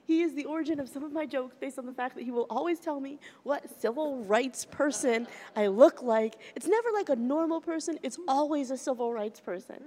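A woman's voice: high-pitched, brisk, few pauses, mellow, big-room sound. A woman hosting a podcast and comedy chat, telling stories with dry, sarcastic humor. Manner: wry, sarcastic storytelling. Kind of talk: casual chat.

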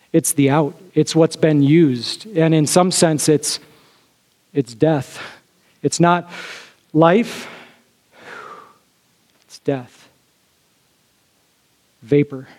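A man gives a sermon from the pulpit, speaking in a casual, conversational manner with lots of asides to his listeners. His voice sits a little high for a man. The sound carries a long reverb from a large hall. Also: steady tone, slow pace, long pauses, darkish tone. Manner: conversational, with frequent fillers and asides to the congregation. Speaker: pastor.

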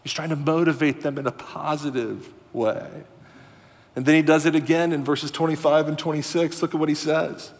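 A man preaching a sermon as a pastor, earnest and animated, rising to loud emphasis and dropping to quiet asides. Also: on the high side, moderate pace. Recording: long hall reverb.

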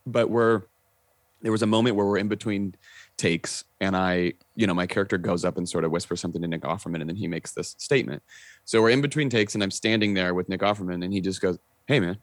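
A low-voiced young man chatting as a podcast guest, animated and quick to act out what people said. He fills his stories with "like" and casual swearing. The sound is dry and close. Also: no room sound. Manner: animated storyteller, acting out quotes, frequent "like" and swearing. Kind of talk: casual chat, storytelling.

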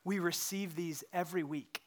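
A male pastor delivers a sermon in a church sanctuary with a high, ringing, bright voice. He swings between fervent, loud exclamations and soft, hushed passages. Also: fairly even intonation, normal speed, a little hiss or hum.

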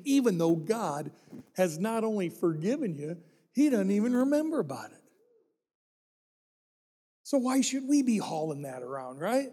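A man's voice: high voice, mellow, long reverb tail. A middle-aged male pastor preaching a sermon with a folksy, joking manner and asides to the congregation.

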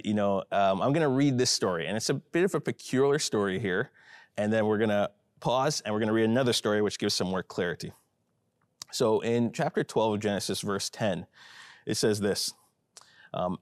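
Man, pastor, conversational sermon, lowish voice, dry close sound, informal, checks in with listeners. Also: no room sound. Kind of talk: conversational sermon with scripture reading.

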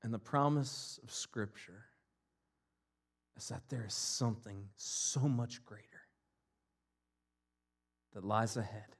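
A man from Ohio preaching a sermon, mixing jokey, animated asides with earnest, quieter scripture reflection. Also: on the low side, slow, pauses often, slightly rough. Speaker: pastor.

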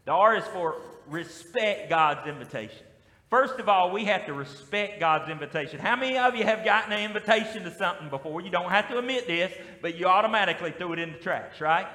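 A man with a Southern US accent preaches from a church pulpit, his voice high and bright. He leads the congregation in call-and-response. The sound rings with a long, echoing reverb. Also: animated, fairly quick. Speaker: pastor. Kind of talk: sermon. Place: church sanctuary. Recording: echoey hall with long reverb.

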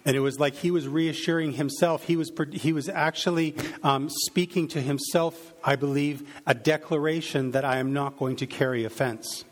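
A man preaches from scripture, reading a Bible passage aloud and reflecting on it with frequent fillers and restarts. His pitch is fairly high and his intonation fairly even, and he speaks at a moderate pace with hardly any pauses.

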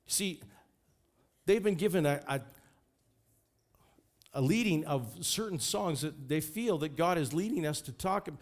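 A man's voice: fairly high pitch, expressive, measured pace, long pauses. A man preaching a sermon as pastor, fervent and emphatic.

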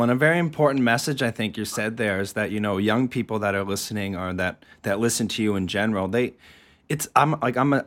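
A man's voice: lowish voice, a bit bright. A man who teaches school, hosting a podcast interview in a casual, encouraging way and asking questions.

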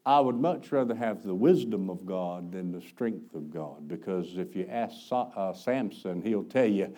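A man preaching a sermon, telling folksy stories with an animated delivery and quick asides. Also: sits low. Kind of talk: sermon storytelling.

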